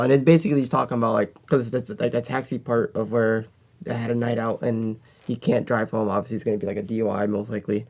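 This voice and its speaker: A man's voice: medium pitch, fairly even intonation, fast talker, a little mellow. A man co-hosting a casual podcast, rambling with lots of filler words. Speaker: podcast co-host.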